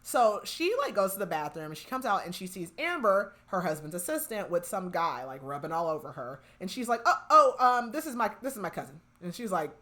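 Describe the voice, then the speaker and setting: Very animated and fairly quick, a young woman with a lowish, slightly bright voice rattles through a novel's plot on her podcast with few pauses. It's a chatty, casual recap full of "like," with scenes retold through quoted lines.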